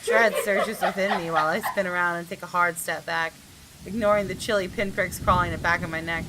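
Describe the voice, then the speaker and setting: A woman's voice: on the low side, fairly even intonation, brisk, very noisy, close to an everyday voice. A woman reading aloud the first-person narration of a tense young man in a visual novel, in her own voice without putting on another.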